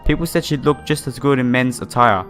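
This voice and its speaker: An earnest, lonely young idol hopeful speaks her inner thoughts in a steady, unforced tone, as a male gamer reads her lines in his own voice. Soft game music plays faintly behind. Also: medium pitch, a little fast, lightly acted. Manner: plain read-aloud delivery in his own voice.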